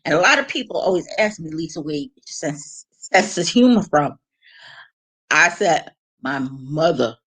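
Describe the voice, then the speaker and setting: A woman vlogging casual family stories, laughing often and tripping over restarts. Her pitch swings widely and keeps the talk lively. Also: moderate pace, slightly rough. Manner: animated, laughing, frank and rambling with restarts. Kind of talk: casual storytelling.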